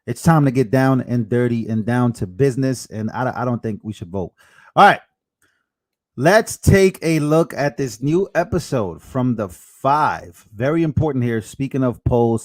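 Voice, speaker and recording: A man hosting a political livestream, casual and chatty with quick asides. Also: medium pitch. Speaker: livestream host. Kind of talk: live commentary stream.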